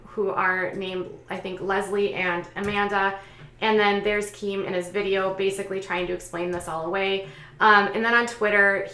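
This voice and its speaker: A woman host recounting online gossip and reading out posts, in a conversational way with frequent pauses and fillers. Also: medium pitch, fairly bright tone, echoey room. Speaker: commentary channel host.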